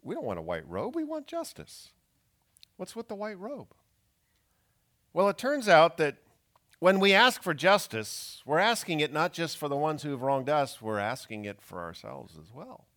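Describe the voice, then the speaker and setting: Animated preaching man. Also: fairly high pitch, normal speed. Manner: expressive preaching, acting out pleading questions. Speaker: pastor. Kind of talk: sermon.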